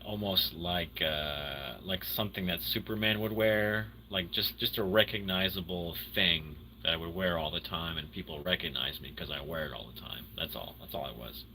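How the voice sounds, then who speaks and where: A tired man hosting a casual livestream chat with viewers, rambling and swinging between loud excitement and low mumbles. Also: normal speed, few pauses, a little hiss or hum. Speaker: livestream host chatting with viewers.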